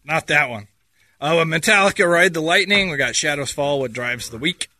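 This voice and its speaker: A man's voice: a little high, moderate pace, pushed and bright, no room sound. A man co-hosting a radio show, chatting, suggesting songs and pushing back during joking banter. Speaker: radio co-host.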